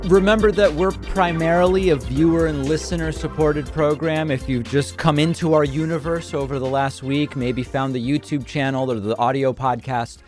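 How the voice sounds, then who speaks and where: A man hosting a political talk show, giving wry, amused solo commentary on the news. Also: fairly high pitch.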